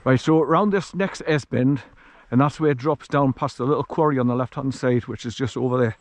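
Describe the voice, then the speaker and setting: A man's voice: mid-range voice, a little fast. A man chatting casually as he walks a countryside track with his dog, rambling and chuckling often, recorded on an action camera outdoors. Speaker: vlogger walking his dog. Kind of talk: casual walk-and-talk narration. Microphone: action camera carried while walking.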